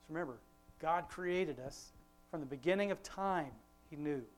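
Soft background music accompanies a father, voice a little high, as he leads a casual family devotion, rambling with many restarts and slowing to quote scripture with emphasis.

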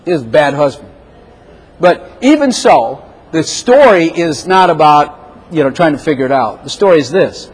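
Preaching a lively sermon, a Chicago man with a slightly high, husky voice acts out quick back-and-forth dialogues. He jumps up in pitch to voice the other characters, staying animated throughout.

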